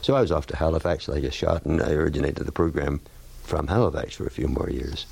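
Gravelly older man telling radio stories. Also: a bass voice, fast. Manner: wry, animated when quoting others. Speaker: veteran radio broadcaster guest. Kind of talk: anecdotal storytelling.

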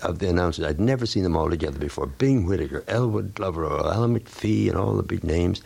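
Brief: older male broadcaster, husky and low, wry storyteller who animates quotes. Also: brisk, dry recording. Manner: wry, animated when quoting others. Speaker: veteran radio broadcaster guest. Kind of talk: anecdotal storytelling.

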